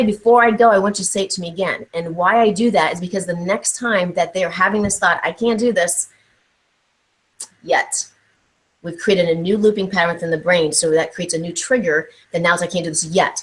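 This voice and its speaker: A woman's voice: lowish voice, fairly quick, poor audio. A woman from Ohio, a guest on a live online interview, telling stories and acting out what people said. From Ohio, USA. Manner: animated storytelling, acts out quotes. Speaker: guest speaker.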